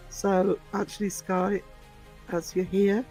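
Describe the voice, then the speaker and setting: A woman's voice: fairly low pitch, expressive, normal speed, faint music behind, low-quality recording. A woman from northern England hosting a casual live stream, chatty, reading out the chat and laughing often. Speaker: livestream host.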